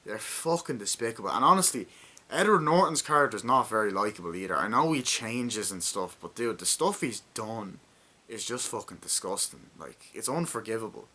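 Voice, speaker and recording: A man's voice: on the low side, lively intonation, normal speed, sharp tone. A young man in his twenties giving a rambling, profanity-heavy casual movie review and acting out lines from the film. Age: 20s.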